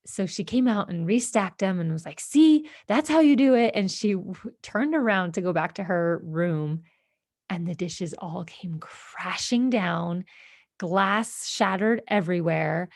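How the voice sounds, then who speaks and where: A woman hosting a podcast, telling a personal story in a reflective, halting way with many fillers and restarts. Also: fairly low pitch, vocal fry, a little mellow, dry recording, clean studio sound. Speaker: podcast host.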